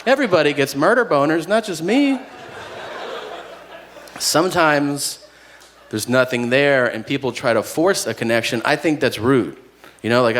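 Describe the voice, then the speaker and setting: A man's voice: mid-range voice, a bit bright. A man doing a stand-up comedy set with dry storytelling, acting out both sides of conversations. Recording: noisy live comedy venue.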